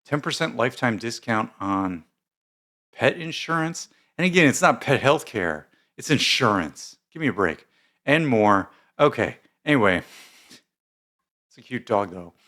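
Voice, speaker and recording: A man's voice: medium pitch, expressive, measured pace, bright, forceful tone. A man hosting casual commentary, reading posts aloud with bemused, rambling asides and many fillers. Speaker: commentary host.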